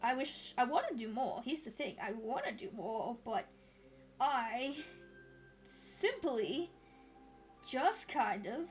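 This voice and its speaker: A woman's voice: a little high, expressive, takes it slowly, pauses often, soft background music. A woman streamer chatting casually with her viewers while she draws, swearing freely and laughing often.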